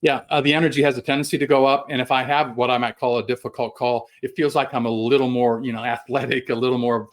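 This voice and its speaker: A middle-aged man presenting a webinar over a video call, folksy and halting, with many fillers and restarts. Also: mid-range voice, little pitch movement. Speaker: guest sales trainer.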